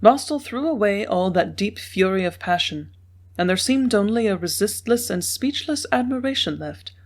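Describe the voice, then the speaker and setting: A woman narrating a classic Western novel in a measured reading style. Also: mid-range voice. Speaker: audiobook narrator. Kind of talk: scripted narration.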